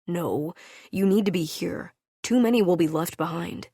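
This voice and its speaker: A woman voicing a gruff, brooding male wolf-shifter alpha in an audiobook, speaking curtly in a low, grim tone. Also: moderate pace, warm tone, dry recording, clean studio sound.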